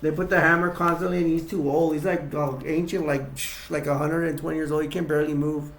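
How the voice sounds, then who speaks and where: A man casually retells a horror film, rambling and restarting, with a gravelly, slightly high voice. He raises his voice to act out the lines. The room around him is echoey. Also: level tone, fast, a bit bright. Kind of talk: casual acted-out retelling with toys.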